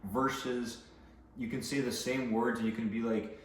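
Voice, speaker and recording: A man's voice: mid-range voice, steady tone, normal speed. A man giving casual sales training, rambling with many fillers and restarts. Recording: echoey room, voice from a distance.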